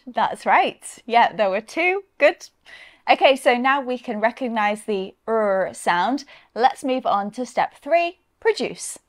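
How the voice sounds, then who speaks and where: A woman from the north of England with a Northern English accent, teaching pronunciation slowly and carefully. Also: a little high, sing-song. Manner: slow, careful, modelling sounds clearly. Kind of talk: scripted lesson dialogue.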